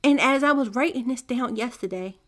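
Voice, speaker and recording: Her voice runs a little high and brisk as this faith podcast host, a mother somewhere between young adult and middle age, talks to her listeners. The monologue is soft-spoken, earnest, and confiding.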